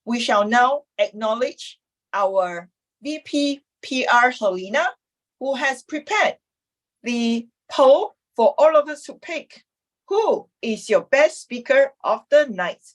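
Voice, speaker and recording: A woman hosting a club meeting, thanking a speaker and announcing a vote in a measured way. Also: on the high side, animated. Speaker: meeting host.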